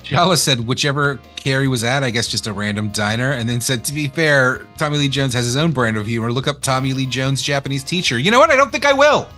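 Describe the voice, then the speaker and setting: A man with an East Texas accent, co-hosting a casual game stream, reading chat aloud and joking with a lively, laughing manner. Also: medium pitch, brisk, hardly any pauses, faint music behind. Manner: animated, jokey, laughs often, reads chat aloud.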